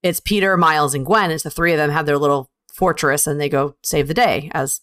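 A woman with a slightly low voice chatting casually as a podcast co-host. She tells lively stories and acts out the lines of the people in them. Her voice sounds dry and close, with almost no room behind it. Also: fairly quick, no echo. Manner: animated storyteller, acts out quotes. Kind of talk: casual chat.

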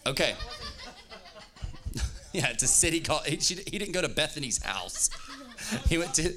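This pastor's voice is fairly high, swinging widely in pitch at a normal speed, while a crowd can be heard in the background. In his lively youth-service sermon, he reads scripture aloud and plays around with the audience.

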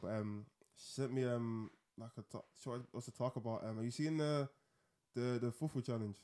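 A man's voice: mid-range voice, steady tone, brisk, mellow. A young man, co-hosting a casual chat in a laid-back, joking, slangy way. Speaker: co-host.

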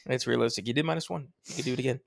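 A man's voice: mid-range voice, racing, gravelly, no echo, clean studio sound. A man co-hosting a sports podcast, bantering casually with joking, profane picks. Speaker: podcast co-host.

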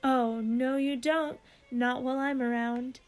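A woman's voice: on the high side, steady tone, unhurried, a little mellow, faint music behind. A woman reading aloud as a feisty, stubborn little male leprechaun with old-fashioned phrasing. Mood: indignant.

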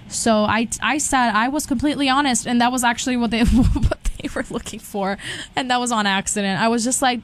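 A young woman from Brazil, talking as a guest in a casual chat, restarting sentences and filling pauses with "like" and "um". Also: a little high, slight background noise. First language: Portuguese. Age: young adult. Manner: chatty, restarts often with many fillers.

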